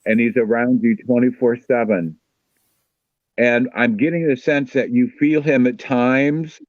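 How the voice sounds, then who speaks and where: A man's voice: medium pitch, a little mellow, dry recording. Lo-fi man giving a psychic reading. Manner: repeats himself, says okay a lot. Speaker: psychic guest. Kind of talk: casual reading.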